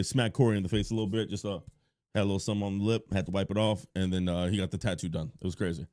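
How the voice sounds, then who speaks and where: A man streaming live, chatting casually with his chat and cracking crude jokes with sudden playful shouts. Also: lowish voice.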